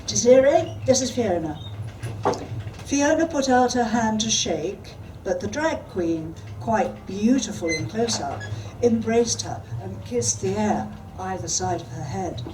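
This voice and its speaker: A woman author reads her own prose with a measured delivery and answers questions firmly. She sounds distant from the microphone, and there is clear background noise at the event. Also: medium pitch, lively intonation. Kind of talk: reading fiction aloud at a panel. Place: event hall.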